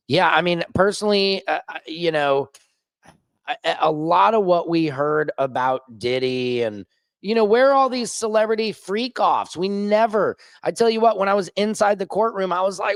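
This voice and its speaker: A man who hosts his own news vlog, ranting casually and fast from a rooftop with lots of restarts and asides. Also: fairly high pitch, sing-song, dry recording. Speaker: independent journalist and vlog host. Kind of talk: casual on-camera rant.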